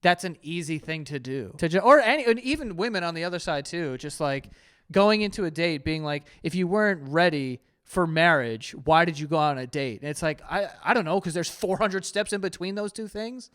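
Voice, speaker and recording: Man, 30s, host reacting to dating tips, crude joker, clear tone. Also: fairly high pitch, animated, brisk, fairly bright tone. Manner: loose, crude, joking, laughs often, mock voices. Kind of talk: casual reaction commentary.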